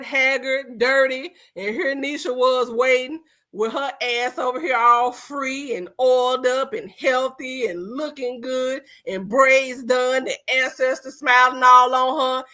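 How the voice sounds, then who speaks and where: A woman's voice: high-pitched, bright, forceful tone. A woman co-hosting a podcast, talking brashly and mockingly in casual, profane banter. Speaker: podcast co-host.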